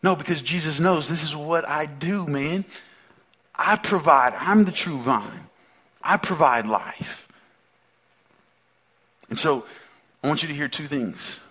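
A man's voice: on the high side, slow, long pauses, sharp tone, slightly rough. A male pastor preaching a sermon in a conversational way, asking the listeners many questions and repeating phrases for emphasis.

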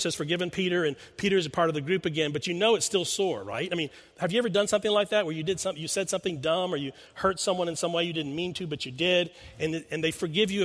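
A man's voice: sits high, fairly bright tone. A man preaching a sermon in a church, telling a story earnestly and asking his listeners questions. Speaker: pastor. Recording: long hall reverb.

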